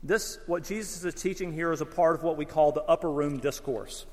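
A man's voice: fairly high pitch, brisk, darkish tone, in a large hall. A man preaching a sermon as pastor, mixing folksy stories and self-deprecating humor with Bible teaching.

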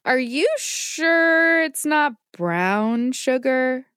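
A woman's voice: high voice, animated, extremely slow, fairly bright tone, clean tone, no echo, clean studio sound, exaggerated voice. A woman voicing a patient, caring mother who teaches her child kitchen safety. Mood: warm. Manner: patient and instructive. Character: gentle, safety-minded mother.

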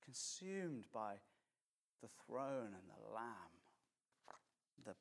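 A man's voice: fairly low pitch, big pitch swings, extremely slow, vocal fry. A man preaching a conversational sermon as pastor, mixing jokes and acted quotes.

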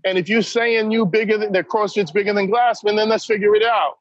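A man's voice: high voice, fairly even intonation, a little fast, no room sound, lo-fi sound. A man talking as a podcast guest, blunt and emphatic, who keeps saying "man" as he talks. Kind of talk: candid conversation.

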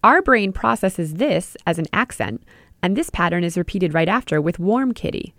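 A woman presents a scripted music lesson. Her pitch moves up and down freely as she explains each idea and turns to the listener with questions. The recording is close and dry, with no room sound. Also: animated, moderate pace, a bit bright, no room sound. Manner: clear, explanatory, addressing the listener directly. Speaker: podcast host and music teacher. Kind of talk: scripted educational narration.

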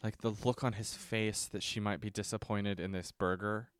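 A man's voice: lowish voice, fairly even intonation, normal speed, clear, resonant tone, no room sound. A man hosting a casual solo movie-review podcast. He rambles, swears freely and often restarts his sentences. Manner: rambling and profane, with frequent restarts and fillers. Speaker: podcast host. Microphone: speaks from notes, seated at a desk mic.

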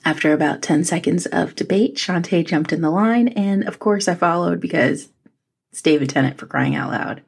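A woman's voice: lowish voice, moderate pace, gravelly, slightly rough. A woman hosting a podcast, narrating casually and chattily, with lots of ums and self-deprecating asides. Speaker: podcast host.

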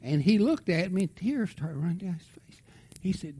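A middle-aged man preaching, telling a family story with lively swings from loud outbursts to hushed tones. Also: high voice, normal speed, breathy edge. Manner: animated storytelling, drops to a hush for tender moments. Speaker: pastor. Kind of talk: sermon storytelling.

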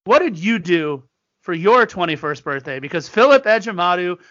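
Male podcast co-host, high bright voice, chatty storyteller, dry lo-fi sound. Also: animated, moderate pace, no room sound. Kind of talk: casual sports podcast chat.

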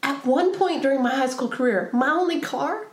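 Young woman, podcast co-host, profane animated storytelling, high-ish voice, echoey room. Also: normal speed. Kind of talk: casual chat, storytelling.

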